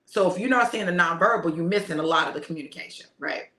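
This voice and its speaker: A roomy echo surrounds a middle-aged woman who preaches as she tells a family story, casual and heartfelt, laughing often. Her fairly low voice comes out fast, pushed and bright in this easygoing motivational talk.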